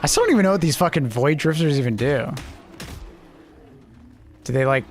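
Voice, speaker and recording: A man's voice: fairly high pitch, expressive, normal speed, soft background music. Laid-back young man streaming a game. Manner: laid-back, swears freely, chuckles often. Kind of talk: casual gaming chat.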